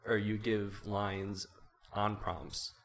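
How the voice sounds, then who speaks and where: A man with a lowish voice hosts a casual interview. He reads out audience questions with a wry, teasing touch. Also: level tone, very slow, creaky, fairly bright tone. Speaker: host.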